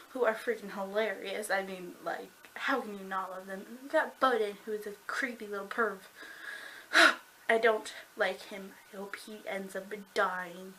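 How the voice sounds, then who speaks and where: Bubbly, gushing young woman, bright voice. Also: mid-range voice, slight background noise, rough recording. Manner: gushing and excitable, heavy use of "like". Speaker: book reviewer. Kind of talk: casual book review vlog.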